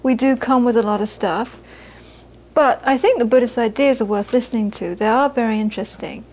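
In a low-quality recording, a middle-aged woman teaches Buddhism through a casual dharma talk to listeners. Her voice sits on the high side with a darkish tone, and she speaks briskly. Chatty and prone to laughter, she repeats phrases to stress her points.

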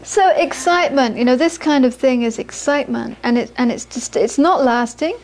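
A woman's voice: sits high, moderate pace, a little mellow. A woman giving a Buddhist dharma talk to a small audience, telling anecdotes and often repeating words as she searches for phrasing. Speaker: Buddhist teacher.

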